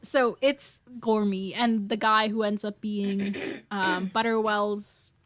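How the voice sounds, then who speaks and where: A woman's voice: mid-range voice, steady tone, takes it slowly, a bit bright, no room sound. A woman, a podcast guest, recapping a book in casual chat, rambling into tangents and laughing between phrases.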